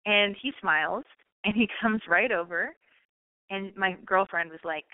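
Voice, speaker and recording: A woman's voice: medium pitch, lively intonation, moderate pace, no echo. An American woman in her thirties with a slight lisp, hosting a casual monologue, rambling, swearing and poking fun at herself. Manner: rambling, self-deprecating, swears freely. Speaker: podcast host. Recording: tinny phone-like sound.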